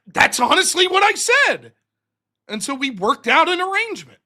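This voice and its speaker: Male American streamer, casual profane monologue, high bright voice. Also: measured pace. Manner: profane, animated storytelling. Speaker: streamer and show host.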